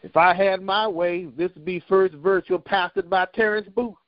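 A man preaching a sermon, telling a personal story with a measured, repetitive cadence. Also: high voice, steady tone, no echo, muffled recording.

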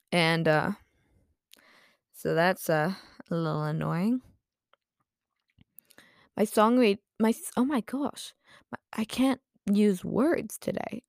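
A woman's voice: fairly low pitch, vocal fry, no room sound, studio quality. Tired, rambling young woman vlogger. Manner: rambling, self-deprecating, many fillers. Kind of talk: casual chatty vlog.

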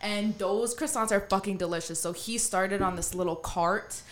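A woman co-hosting a podcast, talking in a relaxed, chatty way and swearing casually. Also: mid-range voice, normal speed. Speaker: podcast co-host. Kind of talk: casual chat.

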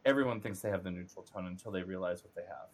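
A man co-hosting a casual podcast panel chat, talking in an animated, playful, teasing way. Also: low-pitched, very fast, husky. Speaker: podcast co-host.

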